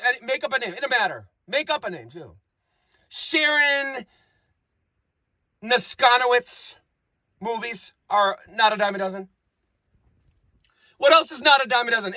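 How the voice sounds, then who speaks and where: High lively rambling man. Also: no echo. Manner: rambling, repetitive, playful wordplay. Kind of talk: improvised comic monologue.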